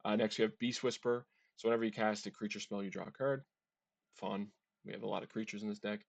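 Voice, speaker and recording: A man's voice: lowish voice, level tone, fast, gravelly, noisy background. A man hosting a casual card-game deck walkthrough, chatty and often tripping over card names. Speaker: deck tech host.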